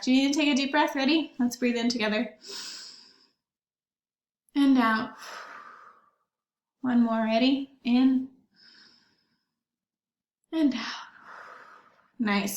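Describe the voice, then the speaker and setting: High-voiced woman leading children's songs. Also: reverberant. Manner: bright, encouraging, sing-song with little songs. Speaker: children's librarian leading story time. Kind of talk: children's song and movement session. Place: at home, recorded remotely.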